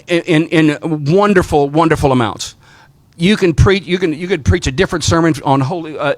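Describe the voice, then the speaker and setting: Coming through with no room sound, this man's voice runs on the high side with a fairly bright tone. A middle-aged Orthodox priest from the American South, he instructs clergy in preaching using homespun storytelling and recurring phrases.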